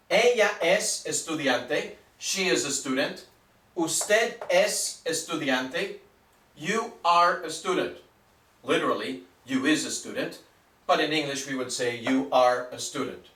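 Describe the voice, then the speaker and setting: A man teaching a basic language lesson, patient and deliberate, spelling words out letter by letter. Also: on the high side, a bit bright, reverberant, recorded from a distance. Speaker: Spanish teacher.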